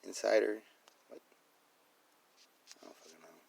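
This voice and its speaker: A man ranting casually on a livestream, swearing constantly, then slowly reading legal text aloud. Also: darkish tone, a little hiss or hum, poor audio. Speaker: video maker showing his documents. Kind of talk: casual profane livestream rant.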